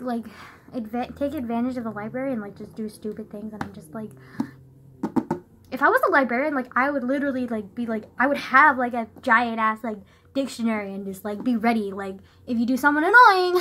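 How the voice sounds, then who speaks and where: A woman's voice: a little high, a bit bright, slight background noise. A young woman vlogging from her bedroom into a phone camera, chatting in a loose, rambling way, filling nearly every phrase with "like" and laughing often. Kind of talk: casual rambling chat to camera.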